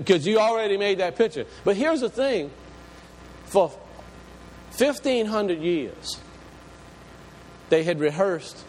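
Male preacher, fairly high voice, dramatic sermon delivery, long reverb of a big hall. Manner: dramatic, swings between loud and hushed. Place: large church hall. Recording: long hall reverb, faint room noise.

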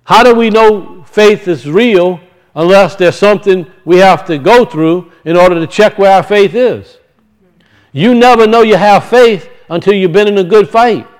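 A male preacher reading scripture and explaining it, often restarting his sentences. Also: sits high. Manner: reads scripture slowly, then explains it with frequent restarts.

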